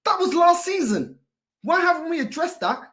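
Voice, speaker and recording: A woman's voice: very high-pitched, very animated, normal speed, a bit bright. A woman hosting a fan channel, ranting in exasperation and firing off rhetorical questions. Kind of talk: heated football fan talk.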